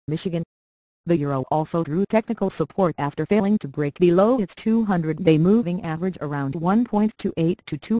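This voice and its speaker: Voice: medium pitch, darkish tone, no echo, low-quality recording. Dry synthetic text-to-speech news voice. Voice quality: mechanical, evenly paced synthetic delivery. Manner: reads numbers and symbols literally. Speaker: news reader.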